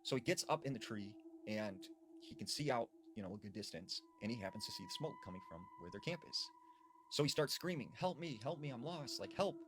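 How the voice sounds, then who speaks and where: Over a noisy background, a man with a mid-range voice narrates ghost stories in a loose, conversational style. His telling is full of fillers such as "like."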